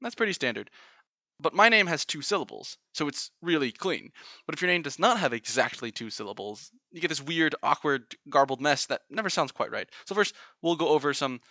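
A man's voice: a little high, expressive, a little fast, pushed and bright, no echo. A man giving an earnest, playfully analytical explanatory monologue, breaking into short sung examples. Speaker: video essayist.

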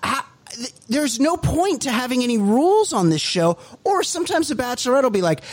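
A man's voice: extremely high pitch, sing-song, brisk, husky. A man co-hosting a comedy podcast, ranting in casual chat and acting out other people in mocking quoted voices. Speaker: podcast co-host.

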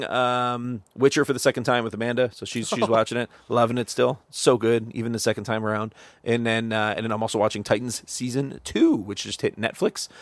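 A man's voice: medium pitch, dry recording. A man co-hosting a casual podcast chat, rambling and enthusiastic, swearing now and then. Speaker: podcast co-host.

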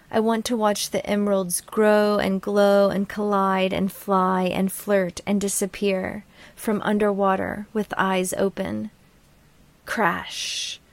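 A woman's voice: mid-range voice, dry recording. A woman reading her own sailing memoir aloud in a dreamy, poetic manner. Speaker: narrator.

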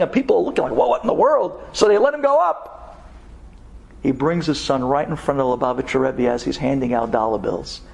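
Gravelly animated male storyteller. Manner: dramatic, acts out quotes in high voices. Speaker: religious storyteller.

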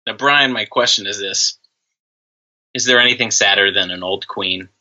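Sharp-voiced ranting man, lo-fi. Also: fairly low pitch, normal speed. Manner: ranting, profane, blunt. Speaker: podcast co-host. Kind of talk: casual chat. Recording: dull lo-fi recording.

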